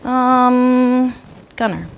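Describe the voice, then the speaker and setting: A woman teaching a classroom lesson, talking slowly and patiently with encouraging praise. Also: high-pitched, creaky, dull audio, slight background noise. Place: school classroom.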